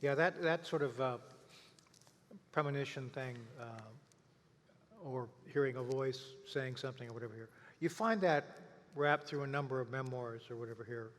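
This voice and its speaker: An older male historian asking questions and sharing memories in a halting way, often trailing off with fillers. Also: mid-range voice. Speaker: historian, interviewer. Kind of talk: interview conversation. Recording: long reverb of a hall.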